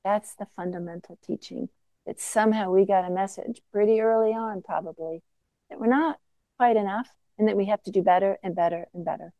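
A woman meditation teacher giving a gentle, conversational dharma talk with self-deprecating asides. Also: medium pitch, brisk, dry recording, muffled recording.

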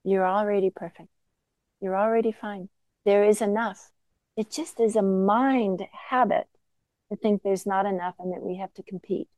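A woman meditation teacher giving a gentle, conversational dharma talk with self-deprecating asides. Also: medium pitch, fairly even intonation, normal speed, no echo, poor audio.

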